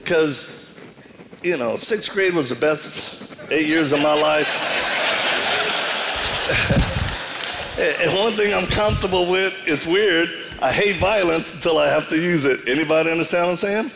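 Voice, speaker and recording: A man's voice: on the high side, a little slow, vocal fry, long pauses, big-room sound, background noise. A man with a Cajun accent preaching to a live audience, telling a story with humor and self-deprecating asides.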